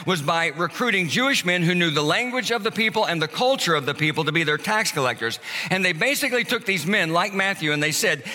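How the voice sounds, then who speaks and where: A man's voice: high-pitched, expressive, fast, pushed and bright. A man preaching a sermon in a church, telling stories in a conversational way and acting out the lines of people in them. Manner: conversational storytelling, acting out dialogue. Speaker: pastor. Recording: long hall reverb.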